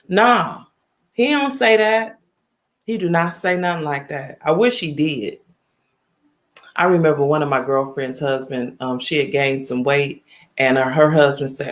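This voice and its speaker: A woman in her fifties hosting a casual livestream, talking straight to her viewers in an animated, emphatic storytelling way. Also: sits low, normal speed. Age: 50s. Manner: animated, emphatic, storytelling, addresses chat directly. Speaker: livestream host.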